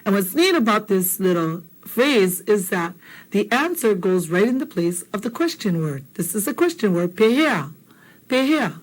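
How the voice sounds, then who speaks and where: A woman teacher who explains phrases and repeats them slowly and encouragingly for learners. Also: medium pitch, big pitch swings, rough recording. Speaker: Hawaiian language teacher. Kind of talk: language lesson explanation.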